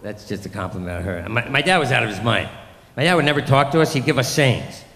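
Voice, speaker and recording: A man's voice: mid-range voice, lively intonation, quick pace, fairly bright tone, long reverb tail. A man doing a rambling, crude stand-up comedy set, full of sarcastic rants and mocking impressions.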